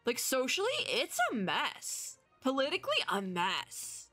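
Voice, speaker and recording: A young woman streamer rambling excitedly as she comments on a game she is playing. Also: high voice, unhurried, no room sound, soft background music. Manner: chatty, excitable, rambling, laughs often. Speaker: VTuber streamer.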